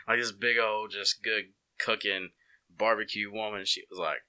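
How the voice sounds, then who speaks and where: A man's voice: on the low side, fairly quick, pushed and bright, clear, resonant tone. A man from Alabama with an Alabama accent, chatting in an easygoing way and laughing often. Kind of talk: casual chat.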